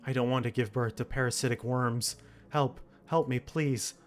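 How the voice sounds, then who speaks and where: A man's voice: medium pitch, fairly even intonation, normal speed, close to an everyday voice. A man reading the lines of a terrified young woman pleading for help, in a panicked way.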